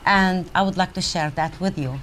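An older woman from Palestine giving a public speech, conversational and animated, with pauses and fillers. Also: fairly low pitch, very noisy. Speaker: guest speaker, professor.

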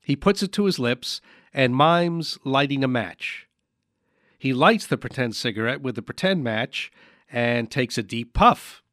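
A man hosting a comic radio sketch, calmly describing aloud what his silent guest is doing. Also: medium pitch, a little slow, dry recording, clean studio sound. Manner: deadpan, describing the action aloud. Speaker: radio host. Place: radio studio.

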